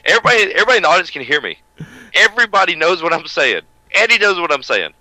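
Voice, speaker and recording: A man co-hosting a wrestling radio show, with a booming voice that swings between hollering and low mutters. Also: sing-song, very fast, pushed and bright, no room sound, low-quality recording. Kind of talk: loud rambling radio banter.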